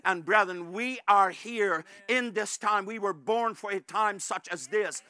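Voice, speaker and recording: A male pastor preaching a fervent sermon, repeatedly addressing the congregation as brethren and rising to shouts at the peaks. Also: high-pitched, unhurried. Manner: rises to shouts at climaxes.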